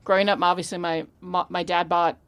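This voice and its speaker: A woman co-hosting a casual movie podcast, with a low voice full of gravelly fry. She talks bluntly and animatedly, swearing freely. The recording is dry and close. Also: flat delivery, a little fast, fairly bright tone, dry recording. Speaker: podcast co-host.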